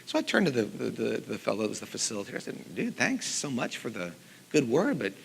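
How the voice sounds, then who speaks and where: A middle-aged man, a composer and teacher, giving a conference talk with animated storytelling and lively voiced quotes. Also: medium pitch, fast, gravelly, slight background noise. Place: conference hall. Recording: long hall reverb.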